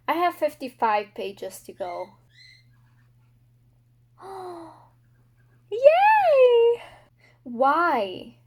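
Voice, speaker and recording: A young woman book vlogger reacting aloud while reading, emotional and exclaiming, talking to the characters. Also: sits high.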